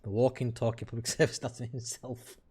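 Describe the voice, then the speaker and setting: A man's voice: medium pitch, flat delivery, a little fast, warm tone, husky. British male streamer, blunt, profane and opinionated, casual chat with viewers, mid-range voice. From United Kingdom. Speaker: game streamer. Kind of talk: casual live-stream chat while playing.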